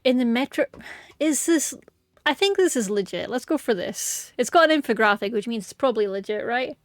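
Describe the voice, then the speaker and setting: A woman's voice: fairly high pitch, expressive, fairly quick, dry recording, clean studio sound. A woman chatting casually and rambling playfully on a game stream, giggling often. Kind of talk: casual gaming stream chat.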